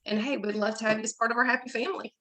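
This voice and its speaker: Woman sharing a heartfelt product story, frank and emotional, bright tone. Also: fairly high pitch, steady tone, very fast, poor audio. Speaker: guest sharing a testimonial. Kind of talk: personal testimonial.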